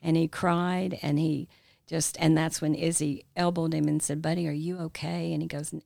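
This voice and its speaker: A woman's voice: deep voice, flat delivery, moderate pace, vocal fry, a little mellow, dry recording, studio quality. An older woman, mother of the hosts, telling a long family story in a rambling way with many fillers. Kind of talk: storytelling in casual family chat.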